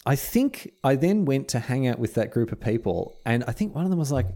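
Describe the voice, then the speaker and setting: A man's voice: medium pitch, sing-song, brisk, few pauses, dark tone. An Australian man co-hosting a podcast, telling a rambling story in casual chat and acting out the dialogue. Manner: rambling, self-interrupting, acts out quoted dialogue. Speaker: podcast co-host.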